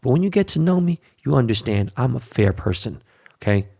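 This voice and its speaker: A man's voice: mid-range voice, big pitch swings, a little fast, gravelly, dark tone, husky. A man hosting his own podcast in a brash, blunt, profane monologue, tagging points with "right?" and "okay?". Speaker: podcast host. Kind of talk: casual monologue.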